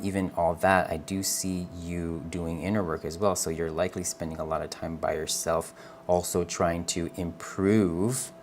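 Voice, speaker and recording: Deep-voiced man giving a gentle tarot reading. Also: slight background noise. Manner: gentle, earnest, reassuring, checks in with "okay?"; calls the viewer honey and girl. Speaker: tarot reader. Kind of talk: live tarot reading addressed to viewers.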